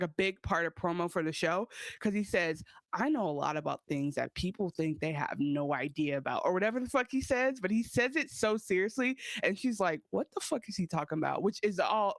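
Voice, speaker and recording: A woman co-hosting a podcast, chatting casually and acting out quotes with lively, profane energy. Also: on the low side, no room sound. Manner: animated, profane, acts out quotes. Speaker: podcast co-host. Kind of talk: casual recap chat.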